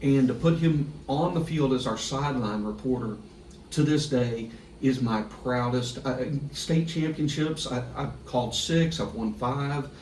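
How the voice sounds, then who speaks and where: A middle-aged man, a sports broadcaster guest on a podcast, telling a story in a lively way and laughing through it. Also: medium pitch, unhurried. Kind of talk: casual storytelling. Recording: echoey room, distant mic, faint hiss.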